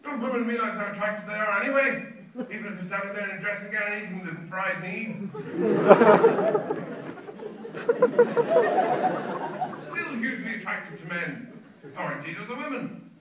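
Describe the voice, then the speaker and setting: A man's voice: sits high, wildly swooping pitch, unhurried, long pauses. An older man doing a rambling, wry stand-up comedy set with exaggerated delivery. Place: comedy stage before a live audience. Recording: live club recording, roomy, distant mic, loud audience. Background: loud crowd laughter and noise.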